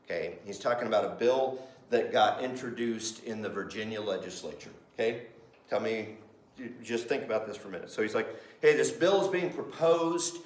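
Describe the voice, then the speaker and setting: Animated man teaching in a roomy church room. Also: fairly low pitch, brisk. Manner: animated, conversational, asks the class questions. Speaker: pastor teaching Sunday School. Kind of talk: Sunday School teaching. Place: church classroom. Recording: roomy echo.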